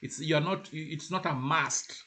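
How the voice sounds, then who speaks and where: Halting, repetitive male French teacher. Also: a little high, pushed and bright. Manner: halting, repeats words, slows down to model French phrases. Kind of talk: informal spoken lesson.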